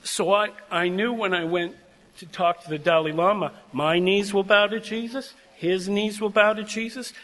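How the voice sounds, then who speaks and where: A man's voice: high-pitched, fairly even intonation, normal speed, fairly bright tone. Older man speaking in an echoing chapel. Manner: heartfelt, emotional, prone to tearing up. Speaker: guest speaker addressing seminary graduates. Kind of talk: earnest storytelling address. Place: large chapel. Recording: long chapel reverb.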